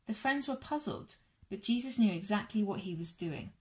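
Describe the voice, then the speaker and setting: A woman reading a Bible story aloud to children and families in a church all-age session, measured and warm. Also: mid-range voice, lively intonation.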